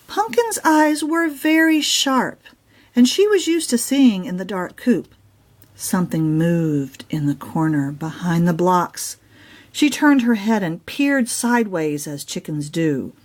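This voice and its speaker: A woman reading her own children's picture book aloud in an expressive storytelling manner. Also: mid-range voice, a little slow.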